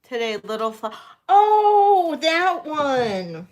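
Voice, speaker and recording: A woman's voice: high-pitched, big pitch swings, very slow, a little mellow. A middle-aged woman hosting a live-streamed vintage jewelry sale, chatty and thinking aloud with many ums.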